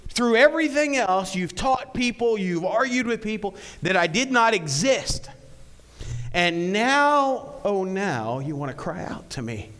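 A man's voice: sits high, sing-song, a little slow, a bit bright, voice pushed up, full character voice. A man preaching a sermon puts on the voice of God as a stern male deity, scolding with rising emphasis. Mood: reproachful.

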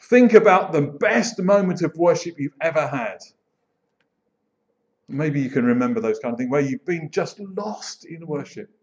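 Male pastor, slightly higher voice, preaching with expressive, drawn-out phrasing on a muffled recording. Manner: expressive, slows to dwell on phrases, animated storytelling. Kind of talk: sermon. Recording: dull lo-fi sound.

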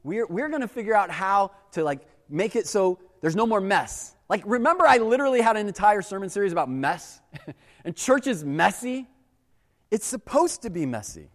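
A man giving a casual, conversational sermon as a pastor, animated and acting out exasperated voices. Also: high voice, moderate pace, big-room sound.

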